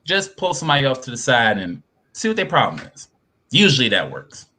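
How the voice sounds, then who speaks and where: A man co-hosting a casual podcast chat, animated and profane, laughing often and acting out quotes. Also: mid-range voice, fairly quick. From New York. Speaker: podcast co-host.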